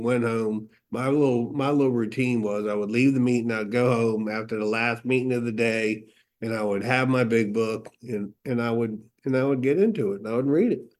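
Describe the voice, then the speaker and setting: A man's voice: medium pitch, a little mellow. A middle-aged man giving a candid personal testimony, telling his story with quoted dialogue, fillers and restarts. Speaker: recovery meeting speaker.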